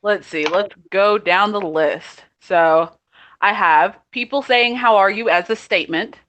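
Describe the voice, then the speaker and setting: A woman's voice: mid-range voice, a little slow, a bit bright. A woman co-hosting a casual chat over a video call, ranting in an exasperated way with lots of quoted asides. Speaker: podcast co-host. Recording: muffled video call audio.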